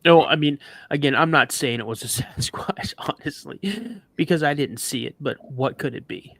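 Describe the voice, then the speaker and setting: On a live show, a man whose voice is on the high side tells, at a moderate pace, of a frightening encounter. His retelling is animated and emotional, with quoted dialogue voiced for the people involved, and there's no room sound.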